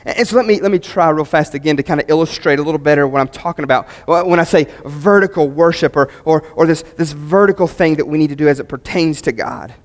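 A male pastor delivering a sermon with a notably high voice that climbs even higher when he presses a point. He speaks emphatically and builds to fervent peaks on key phrases. The sound rings with the long reverb of a large hall. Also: fast, hardly any pauses.

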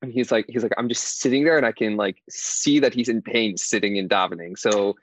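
A man's voice: on the low side, fairly quick, no echo. Chatty young man telling a story. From Indiana, USA. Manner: chatty, heavy use of "like", laughs often while telling. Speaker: podcast guest. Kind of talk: casual storytelling interview.

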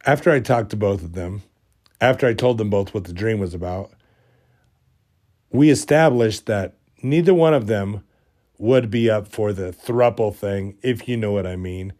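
A man with a lowish voice talks through a long, rambling story on his podcast. He sounds amused and self-deprecating, in loose, casual chat, and he is still getting over a cold. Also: dark tone. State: recovering from a cold. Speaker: podcast host.

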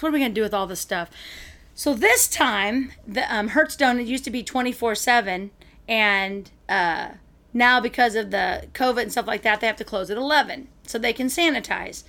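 A woman co-host chatting casually and telling a lively story, acting out what people said. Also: on the high side. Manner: chatty, animated storyteller who acts out quotes.

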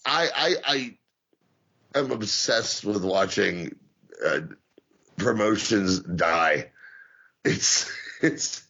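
A man's voice: on the low side, animated, extremely slow, creaky, long pauses, pushed and bright, slightly rough. A man hosting a casual podcast chat, swearing freely, rambling and restarting his sentences. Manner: profane, rambling, stammers and restarts. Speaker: podcast host. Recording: dull lo-fi audio.

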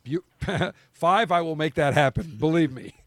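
A man's voice: on the high side, dry recording. Blunt teasing male podcast host. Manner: blunt, teasing, drawn-out mock-military style. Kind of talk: casual banter.

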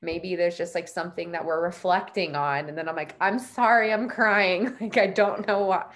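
A woman's voice: on the low side, steady tone, brisk. A woman hosting a podcast in a casual, chatty way, full of fillers and self-deprecating laughs. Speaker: podcast host.

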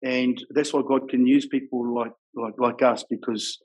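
A middle-aged man with a New Zealand accent, frankly telling his life story in casual, rough-edged talk full of "bro" and "you know what I mean". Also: mid-range voice, flat delivery, moderate pace, a little mellow, rough recording.

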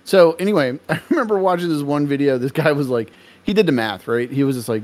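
A man's voice: medium pitch, animated, fast, darkish tone. Rambling, laughing male podcast host. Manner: rambling, laughing storyteller with many fillers. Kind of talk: casual podcast chat.

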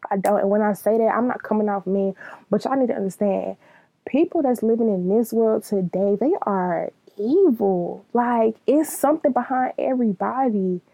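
A woman's voice: medium pitch, moderate pace, gravelly, warm tone, dry recording, low-quality recording. A young woman giving a blunt, profane, casual monologue, laughing often.

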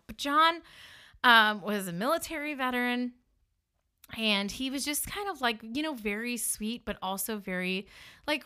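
Chatty northern us lady telling stories to camera, bright voice, lots of likes and you-knows. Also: medium pitch, clean tone. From northern United States. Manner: chatty, with many fillers like "like" and "you know". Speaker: funeral director telling her story. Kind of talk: casual storytelling to camera.

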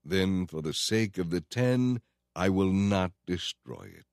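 A man voicing the Lord as a calm, measured divine judge in a storybook reading. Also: low-pitched, creaky, clean tone, dry recording, clean studio sound, exaggerated voice. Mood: solemn.

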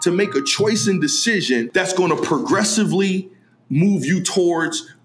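Animated high-voiced man on a podcast. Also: moderate pace, faint music behind. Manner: animated, emphatic storytelling with quoted dialogue. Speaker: podcast co-host. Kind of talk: casual podcast chat.

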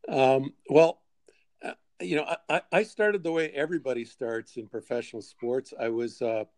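An older man in his sixties, a podcast guest telling lively anecdotes with frequent chuckles. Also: mid-range voice, normal speed, no room sound. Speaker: podcast guest, sports executive. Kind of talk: storytelling interview.

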